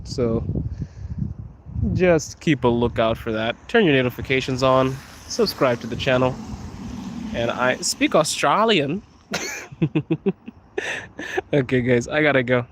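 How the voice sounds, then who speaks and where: A man from Africa live-streaming as he walks outdoors through city streets, chatting casually, laughing often and answering viewers' comments. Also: mid-range voice. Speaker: vlogger. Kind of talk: live-streamed walking vlog. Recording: noisy outdoor street recording.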